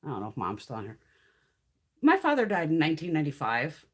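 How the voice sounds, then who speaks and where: A woman's voice: deep voice, huge pitch swings, fast talker. A middle-aged woman hosting a makeup live stream, telling blunt, heavily profane stories and laughing through them in casual chat.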